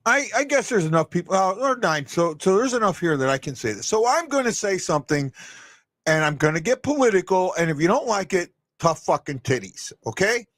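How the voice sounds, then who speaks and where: A man's voice: high voice, very animated, a little fast, a bit bright, dry recording. A man hosting a live stream, talking casually and bluntly, rambling with many restarts and the odd swear word. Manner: blunt and opinionated.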